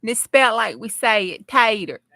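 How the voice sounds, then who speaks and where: Here a middle-aged woman with a Southern American accent chats casually on her crafting livestream, thinking out loud as she lays out journal pages. She speaks at a measured pace in a medium-pitched, fairly bright voice, with no echo.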